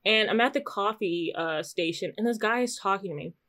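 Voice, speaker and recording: Swearing freely and full of energy, a podcast co-host tells a casual story with rapid asides. She jumps into loud, high-pitched squeals whenever she quotes herself.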